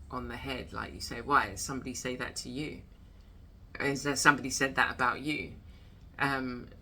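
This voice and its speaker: A woman's voice: rumbling low, sharp tone. A woman hosting a casual chat about creativity, reflective and chatty. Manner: reflective, chatty, laughs often. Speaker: host.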